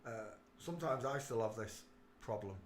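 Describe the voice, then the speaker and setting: A man hosting a casual livestream, talking emphatically and swinging between quiet muttering and loud outbursts. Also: mid-range voice, moderate pace, echoey room, slight background noise. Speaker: livestream host.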